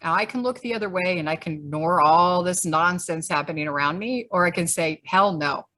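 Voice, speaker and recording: A woman's voice: lowish voice, a little fast, bright, forceful tone. A woman leading a grassroots group, giving rousing, conversational closing remarks on a video call. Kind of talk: closing remarks at an online meeting.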